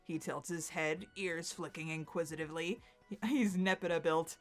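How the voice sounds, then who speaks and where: A woman's voice: deep voice, normal speed, soft background music. A woman reading a webcomic aloud and making chatty, giggly asides. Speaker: webcomic reader. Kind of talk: casual read-along commentary.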